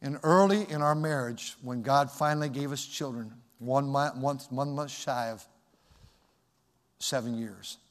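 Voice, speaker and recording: A man's voice: medium pitch, unhurried, in a large hall. A male pastor preaching a sermon, telling a personal story in a reflective, folksy way.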